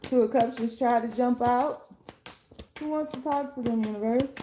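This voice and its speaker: Hoarse chatty woman reading tarot. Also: a little high, moderate pace, noisy background. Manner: chatty, blunt, swears casually. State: hoarse, losing her voice. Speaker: tarot reader and life coach.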